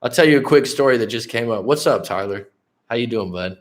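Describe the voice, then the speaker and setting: A man's voice: medium pitch, lively intonation, fairly quick. A man in his late thirties from the San Francisco Bay Area, a life coach host telling a story in a candid, conversational way on a casual livestream, swearing often. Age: late 30s.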